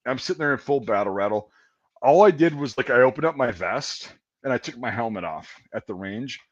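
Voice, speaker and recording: A man tells a rambling, profane story about himself in a casual chat, often laughing at his own misfortune. His voice sits at a middle pitch. The sound is dry and a little dull, like a lo-fi podcast mic. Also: lively intonation, fairly quick, no room sound. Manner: profane, rambling, self-deprecating. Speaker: podcast host.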